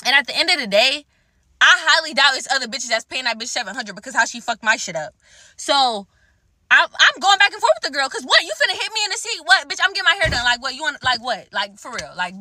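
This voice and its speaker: A woman's voice: high voice, pushed and bright, no echo. A woman telling a story time to her viewers, heated and full of swearing. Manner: heated, profane and emphatic. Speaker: vlogger.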